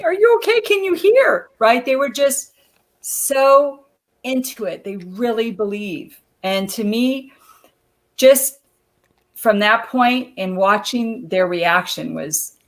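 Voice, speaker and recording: A woman guest on a video call interview, telling stories in a chatty way and laughing often. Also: medium pitch. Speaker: guest, former wrestler. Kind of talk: casual interview chat.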